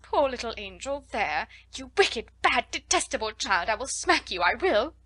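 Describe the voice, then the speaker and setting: A woman's voice: fairly high pitch, moderate pace. A woman voicing a plump, flustered schoolmistress who pleads and scolds helplessly, in a storybook reading. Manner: excited, pleading then scolding.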